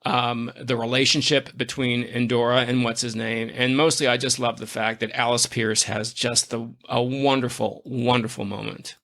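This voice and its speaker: Bright-voiced, enthusiastic male podcast host. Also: mid-range voice, level tone, normal speed, few pauses. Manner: enthusiastic, effusive storyteller. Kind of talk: casual chat.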